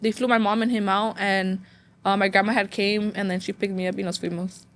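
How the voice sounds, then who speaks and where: A woman's voice: mid-range voice, steady tone, a little fast, a bit bright. Young woman from phoenix rambling through a sad family story, says like a lot, near tears. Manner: rambling, full of "like" fillers; emotional, close to tears. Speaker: guest. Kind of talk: casual personal storytelling.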